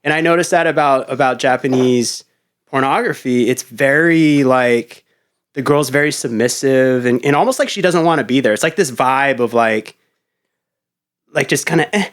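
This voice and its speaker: A man's voice: medium pitch, moderate pace. A man hosting a podcast, laid-back and swearing freely in casual chat. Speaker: podcast host.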